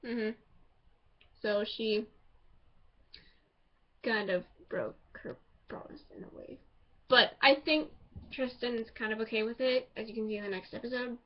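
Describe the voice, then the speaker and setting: Woman, higher-pitched voice, gushing, rambling, casual episode review, lo-fi muffled sound. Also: a little hiss or hum. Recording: dull lo-fi home recording.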